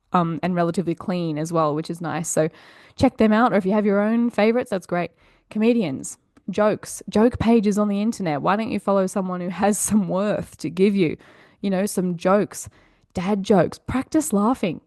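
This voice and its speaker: A woman's voice: fairly low pitch, a little mellow, no room sound, studio quality. A woman hosting a self-help podcast, talking in an upbeat, encouraging, chatty way. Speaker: podcast host. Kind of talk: motivational podcast monologue.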